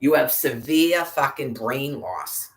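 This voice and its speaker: A woman's voice: a bass voice, expressive, slow pace. A woman in an agitated, profanity-filled angry monologue to camera. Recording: roomy echo.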